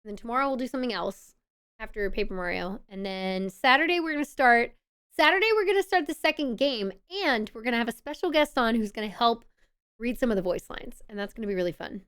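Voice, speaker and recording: A young woman streamer chatting casually and excitably with her viewers, often saying "like" as she talks. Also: on the high side, quick pace, clean tone. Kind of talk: casual live-stream chat.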